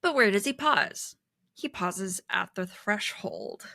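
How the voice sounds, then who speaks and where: Woman, book podcast co-host, measured explanations, bright tone, dry sound. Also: mid-range voice, expressive, gravelly, dry recording. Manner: measured, explanatory, reads quotes aloud. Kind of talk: casual book discussion.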